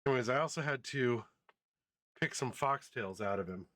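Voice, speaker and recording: A man's voice: mid-range voice, expressive, normal speed, fairly bright tone, no room sound. A man streaming a game from home, chatting casually and coaxing his dog. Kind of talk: casual chat while gaming.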